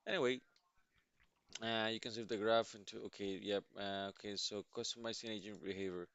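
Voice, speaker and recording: Man, low smooth voice, sleepy, halting, musing aloud, muffled lo-fi audio. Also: fairly even intonation, a bit bright, dry recording. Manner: halting, many restarts and fillers, musing. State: sleepy, yawning. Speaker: live-coding streamer. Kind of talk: thinking aloud while reading docs.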